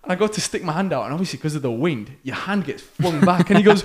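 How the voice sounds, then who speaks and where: A man's voice: high voice, moderate pace, slightly rough. A young man, co-hosting a casual podcast chat and telling stories with lots of laughter. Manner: animated storyteller, laughs often. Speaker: podcast co-host, pilot.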